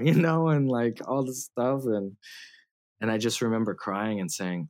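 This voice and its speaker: A man's voice: mid-range voice, expressive, moderate pace. A man in his thirties telling his story as a guest in a casual interview, laughing often and using slang and fillers. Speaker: guest musician.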